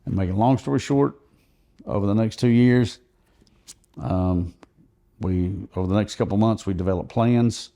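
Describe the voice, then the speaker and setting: Low, mellow male guest telling a long story earnestly. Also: moderate pace, long pauses. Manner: earnest, recounting events at length. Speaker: podcast guest. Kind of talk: conversational storytelling.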